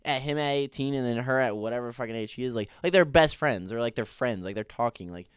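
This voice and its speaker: A man's voice: medium pitch, fast, clean tone, no echo, clean studio sound. A man giving a casual, opinionated TV recap, ranting in a profane, exasperated way. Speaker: TV recap vlogger.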